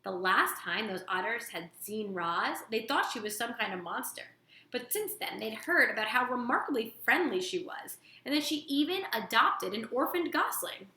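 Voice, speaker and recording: A woman reading a children's novel aloud with animated, dramatic storytelling. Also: fairly high pitch, moderate pace. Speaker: storybook reader. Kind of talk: expressive read-aloud narration. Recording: roomy echo.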